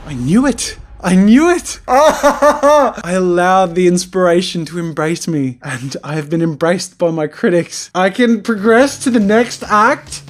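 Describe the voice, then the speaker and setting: A man's voice: high-pitched, expressive, measured pace, hardly any pauses, soft background music, pitched above the performer's own voice. A man voicing a pompous male French starving artist with a put-on, exaggerated French accent, in grandiose, theatrical comic role-play over a game. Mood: triumphant.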